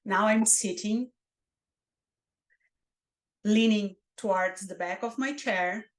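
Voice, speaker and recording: A woman with a Spanish accent, a native Spanish speaker, giving interview coaching and acting out dull and excited ways of talking. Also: medium pitch, slow pace. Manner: animated, demonstrates dull and excited delivery. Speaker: career mentor.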